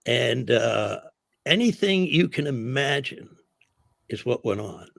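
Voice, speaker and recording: An older man, a comedian guest, telling animated anecdotes in a casual interview and acting out the quotes. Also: medium pitch, slow, gravelly, no echo, clean studio sound.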